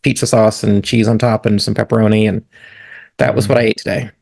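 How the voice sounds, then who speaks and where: A man's voice: on the low side, flat delivery, fairly quick, creaky, a little mellow, breathy edge, no echo. A man co-hosting a comedy podcast in casual chat, stammering and repeating his words, on a close microphone. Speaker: podcast co-host.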